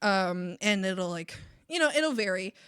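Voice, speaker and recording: A young woman artist chatting casually on a livestream while drawing, rambling and animated, often swearing and laughing. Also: medium pitch, a little slow, clean tone, no echo, studio quality. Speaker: artist streamer.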